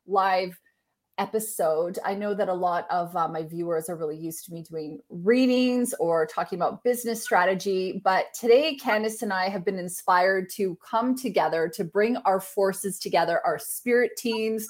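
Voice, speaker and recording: A woman hosting a spiritual podcast, chatting in an upbeat, talkative way. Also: mid-range voice. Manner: chatty, upbeat, quick laughs. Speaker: podcast host. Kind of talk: casual podcast chat.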